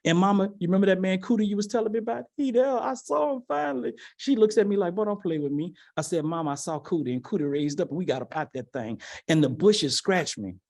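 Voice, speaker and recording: A man telling a personal story as a motivational speaker in a virtual keynote, animated and calling out to his audience. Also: high-pitched, fast talker, gravelly, hardly any pauses. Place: virtual event from home.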